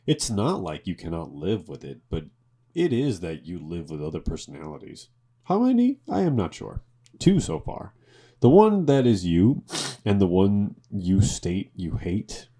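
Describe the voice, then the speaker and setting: A man with a low voice reads posts aloud in a lofty, pompous tone, his pitch rising and falling widely with every line. He sounds a little drunk. He cuts in now and then with loud swearing. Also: very animated, measured pace, breathy edge. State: tipsy from drinking. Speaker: podcast co-host. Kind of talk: reading posts aloud in a mock-dramatic voice.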